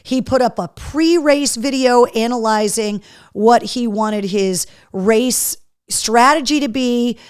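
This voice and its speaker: A woman's voice: on the high side, takes it slowly, clean tone, no echo, studio quality. A woman hosting a live show in casual chat, talking easily and reading viewer comments aloud. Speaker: host.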